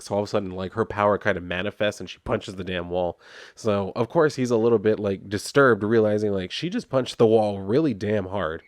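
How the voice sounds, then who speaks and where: Male comic reviewer, rambling conversational recap, low voice, dry sound. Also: brisk, no echo. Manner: rambling, conversational, many fillers. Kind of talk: casual comic book review.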